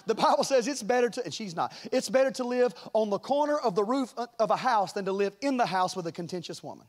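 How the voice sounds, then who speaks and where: A middle-aged male pastor preaches a sermon and tells a family story, chuckling and delivering it animatedly. His voice sits high and he talks fast.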